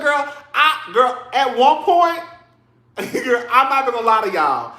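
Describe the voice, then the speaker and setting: A man's voice: extremely high pitch, sing-song, measured pace, sharp tone, reverberant. A man casually commenting on a reality show, sassy and dramatic, laughing often and calling his listeners girl.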